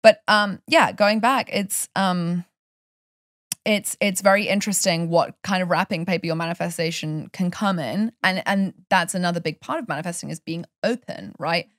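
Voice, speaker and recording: A passionate woman from Europe talks in a relaxed podcast chat, telling personal stories with feeling. Her voice sits fairly low, and the recording is dry and close, with no room sound. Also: normal speed, no room sound. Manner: passionate, animated storytelling. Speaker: life coach guest.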